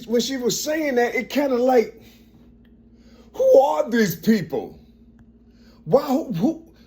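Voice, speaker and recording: The speaker is a man in his fifties whose voice is very high-pitched yet strong and forceful. He meanders through a personal monologue, repeating phrases while he searches for words.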